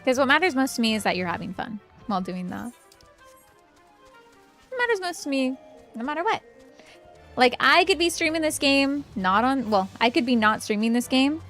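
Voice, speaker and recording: A young adult woman streaming a game and chatting casually with her viewers. She talks in an upbeat, rambling way with a fairly high voice, over faint background music. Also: a bit bright. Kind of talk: casual chat while livestreaming a game.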